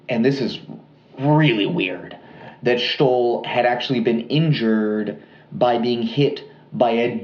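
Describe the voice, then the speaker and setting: A man co-hosting a podcast, telling a true-crime story in a casual, relaxed way with lots of fillers and asides. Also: medium pitch, reverberant, dull audio. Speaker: podcast co-host.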